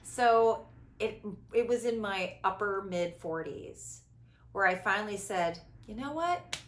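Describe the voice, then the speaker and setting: A woman in her fifties who talks in a reflective, conversational way as a podcast host, acting out quoted voices and moving between loud and hushed tones. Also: medium pitch. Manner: expressive, theatrical, quick shifts between loud and hushed. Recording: echoey room.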